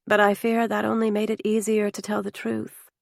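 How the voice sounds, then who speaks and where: A woman's voice: medium pitch, monotone, moderate pace, creaky, no room sound, studio quality, voice pushed up, lightly acted. A woman voicing a heartbroken, elegant young woman who speaks in a wounded, bitter and pleading way.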